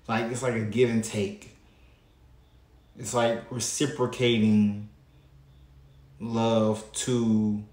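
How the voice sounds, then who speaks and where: A man commenting on a post at a deliberately slow, unhurried pace, stretching his words and stopping often between phrases. His voice sits at an ordinary pitch for a man. The sound bounces around a roomy, echoey space. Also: mellow. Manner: slow, drawn-out, pausing often. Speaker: channel host. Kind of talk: reaction commentary.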